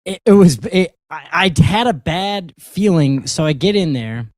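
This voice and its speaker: A man's voice: high-pitched, a little slow, no echo, clean studio sound. A man co-hosting a podcast, telling a story in casual chat with frequent laughs. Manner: animated storytelling, laughs often. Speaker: podcast co-host.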